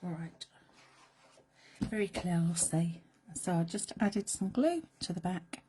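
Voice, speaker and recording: A middle-aged woman presents a live craft demonstration in a craft studio, chatty and playful, now and then dropping into soft whispered asides as she works. Her voice is on the low side and slow, with frequent pauses, and a little hiss or hum is audible.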